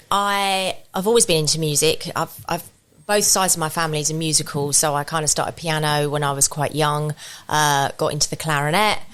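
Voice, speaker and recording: A woman's voice: deep voice, fairly bright tone, smooth. Chatty English woman telling stories. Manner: chatty storytelling, rambling with restarts. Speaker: podcast guest, saxophonist. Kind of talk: casual podcast chat. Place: podcast studio. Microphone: studio podcast mic.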